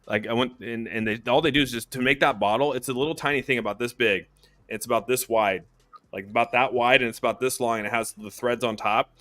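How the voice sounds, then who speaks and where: Profane animated podcast host, man. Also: mid-range voice, quick pace, no room sound. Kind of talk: casual chat.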